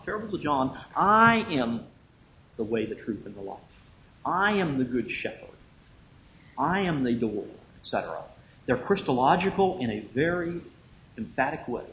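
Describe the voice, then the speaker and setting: A man giving an academic lecture on the Gospels, measured and thinking aloud with fillers and restarts. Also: a little high, slight background noise, low-quality recording.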